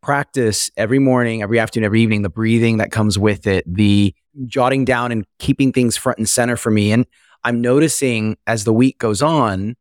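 A man's voice: on the low side, brisk, dry recording, studio quality. A man co-hosting a podcast interview, sharing personal experiences earnestly. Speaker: podcast co-host. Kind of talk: interview conversation.

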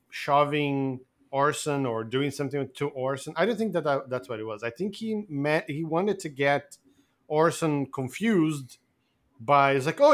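Man, casual movie-podcast chat, lively pitch, slightly high, animated. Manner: animated, laughing, spins theories. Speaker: podcast co-host.

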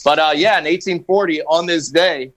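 A man's voice: on the high side, normal speed, fairly bright tone. Joking radio show host, man. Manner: jokey, reads history items with asides. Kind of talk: casual comedy chat. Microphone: video call.

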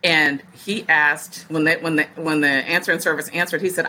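A woman's voice: sits low, fairly even intonation, normal speed, bright, forceful tone, slight background noise, poor audio. A woman in her forties, a podcast guest telling a story in casual chat and acting out other people's words as she goes.

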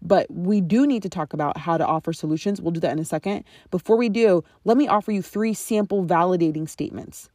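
A woman's voice: fairly low pitch, fast talker, few pauses, mellow, dry recording, clean studio sound. A woman in her thirties, a friendship coach hosting her own podcast, explaining in a conversational, instructive way and often checking in with her listeners. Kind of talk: solo podcast teaching monologue.

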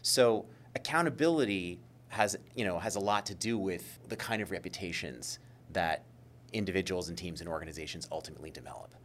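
Low-voiced man, talky explainer, lots of "um"s and restarts, faint hum behind. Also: expressive, brisk, fairly bright tone. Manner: thoughtful, hedging with many fillers and restarts. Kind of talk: casual explanatory discussion.

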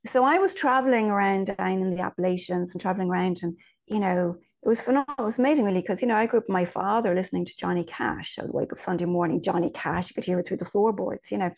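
A woman's voice: mid-range voice, fast, a little mellow. Chatty woman telling stories. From Ireland. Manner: chatty, storytelling, many restarts and asides. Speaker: guest. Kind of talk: casual interview chat.

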